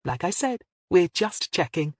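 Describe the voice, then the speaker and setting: A narrator voicing a shrewd woman police inspector who asks crisp, probing questions. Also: on the low side, sing-song, measured pace, no echo. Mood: bright.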